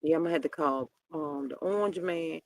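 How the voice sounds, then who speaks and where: A woman's voice: low-pitched, normal speed, a little mellow, slight background noise. An older woman hosting a casual celebrity gossip stream, chatty and drawling as she talks to her viewers. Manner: chatty and drawling, acts out quoted people in voices.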